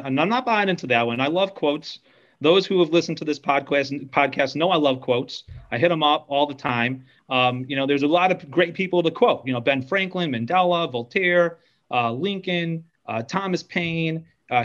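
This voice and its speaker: A man's voice: on the high side, a bit bright, lo-fi sound. Rambling man telling a story. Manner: rambling, self-deprecating, many fillers. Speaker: podcast guest. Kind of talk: casual storytelling.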